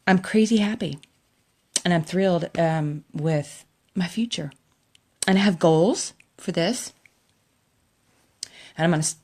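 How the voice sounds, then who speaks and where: Woman, middle-aged, makeup vlog, casual chat, emotional, lower voice, laughs often. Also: a little mellow. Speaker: makeup vlogger. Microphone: camera in front of her.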